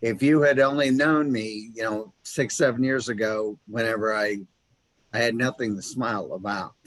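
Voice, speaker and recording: A man with a lowish voice hosts a casual interview, telling stories in an animated, chatty way and often restarting his sentences. The sound is dry and close, with no room echo. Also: moderate pace. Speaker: host.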